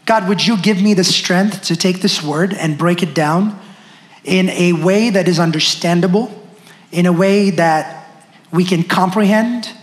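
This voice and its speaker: A pastor giving a sermon in a church, slowing down hard to stress key phrases and hurrying through quick asides to the congregation. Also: mid-range voice. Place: church sanctuary. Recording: echoey hall with long reverb.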